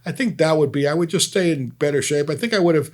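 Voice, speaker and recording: A man's voice: a little high, fast talker. A man, telling stories bluntly and profanely in a casual, rambling way. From Brooklyn, New York. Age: 60s. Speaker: host. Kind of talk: casual storytelling.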